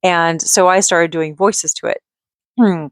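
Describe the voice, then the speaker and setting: A woman vlogging in a casual, rambling way, chatty and quick to giggle as she drifts off on tangents. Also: lowish voice, fairly even intonation, fairly bright tone, smooth, no room sound, clean studio sound. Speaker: vlogger and mother.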